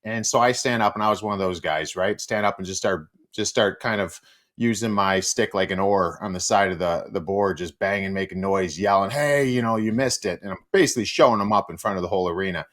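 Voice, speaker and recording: A middle-aged man, a former player turned hockey analyst, telling stories as a guest in a casual interview. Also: fast talker. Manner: animated, acts out quotes with big pitch jumps.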